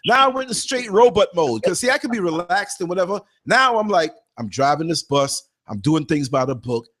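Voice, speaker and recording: A man tells a story in a loose, conversational style, with a fairly high voice for a man. He performs other people's lines and hammers his points home by repeating them. He comes across as a podcast host speaking freely. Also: a little fast. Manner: animated, acts out quotes, emphatic repeats. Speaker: podcast host and former bus driver. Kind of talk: casual storytelling.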